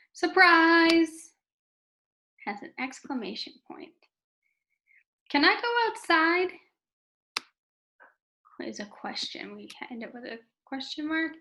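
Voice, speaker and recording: Higher-voiced teacher modeling sentences. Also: female voice, a bit bright. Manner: sing-song modeling of sentences for students. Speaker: special education teacher. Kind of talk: recorded lesson walkthrough.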